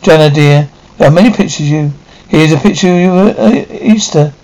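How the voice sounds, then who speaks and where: A woman's voice: low voice, a little fast, low-quality recording. A doting, anxious mother. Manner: gentle, pleading tone. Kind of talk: 1950s TV drama acting.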